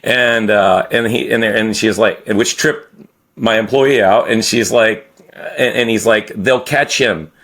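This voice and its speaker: A man's voice: on the low side, steady tone, unhurried, a bit bright. A middle-aged man telling a story to podcast hosts in a rambling, profane way, stopping and restarting often. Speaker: podcast guest. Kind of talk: casual storytelling.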